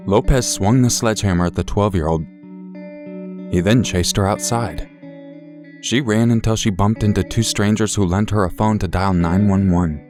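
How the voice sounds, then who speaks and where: A man narrating a true crime story in a measured, somber scripted read, as the channel's host. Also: fairly low pitch, a little mellow, faint music behind.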